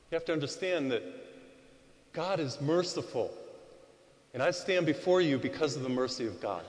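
A man giving a Gospel reading and homily as a priest, speaking directly to a congregation through a loud microphone and leaning on rising emphasis to tell his stories. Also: on the high side, animated, brisk. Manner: talks straight to the congregation and asks them to repeat phrases. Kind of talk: sermon. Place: large church before a congregation. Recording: long church reverb.

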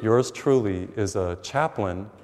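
A man who is a priest, giving a sermon and telling stories, acting out the dialogue with lively energy. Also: on the low side, slow. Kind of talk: sermon with storytelling. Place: church, taped for TV. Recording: long reverb of a church hall.

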